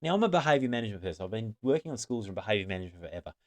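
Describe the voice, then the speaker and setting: A man's voice: lowish voice, sing-song, very fast. A middle-aged man giving an earnest, emphatic talk to teachers as a trainer, sometimes restarting his words. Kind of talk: presentation to teachers.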